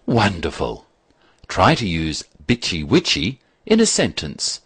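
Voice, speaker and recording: A man presenting a mock English lesson in slow, deliberate deadpan narration. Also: low voice, noisy background. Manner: slow, deliberate teacher-like delivery.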